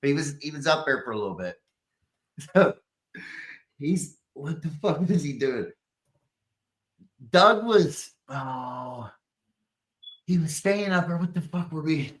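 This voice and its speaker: A man's voice: a little high, lively intonation, slow, pauses often. A man hosting a podcast, telling a profane story with lots of chuckles and loose restarts. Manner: laughing, profane, loses his train of thought. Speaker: podcast host. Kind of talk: casual podcast chat.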